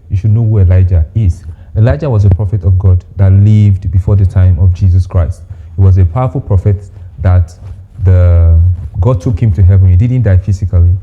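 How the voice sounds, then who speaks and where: A man's voice: lowish voice, warm tone. A man who is a church leader, speaking direct to camera in a repetitive way and often saying "all right". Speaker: church leader sharing a dream. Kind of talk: direct-to-camera religious talk. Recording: echoey room with faint background noise.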